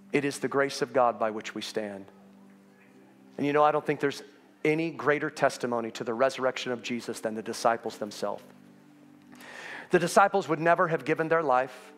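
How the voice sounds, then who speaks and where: Impassioned man preaching over soft music. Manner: impassioned preaching that climbs in pitch and urgency. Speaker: pastor. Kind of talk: sermon. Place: church sanctuary.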